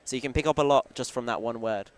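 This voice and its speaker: Talking fast in a medium pitch, a man from the UK chats casually while commentating a stream. He's jokey and chatty, constantly interrupting himself and beginning sentences again.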